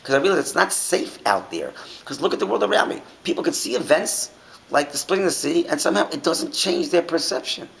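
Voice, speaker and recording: A man's voice: fairly high pitch, big pitch swings, a little fast, vocal fry, fairly bright tone, a little hiss or hum, poor audio. A man teaching an informal Torah class, asking his listeners many rhetorical questions and often restarting his sentences.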